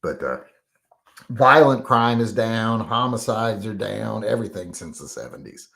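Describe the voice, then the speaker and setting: In a fairly low, somewhat bright voice, a man hosts a casual live chat at an unhurried, animated pace. He reads out viewer comments and rambles in between with frequent fillers and throat clearing.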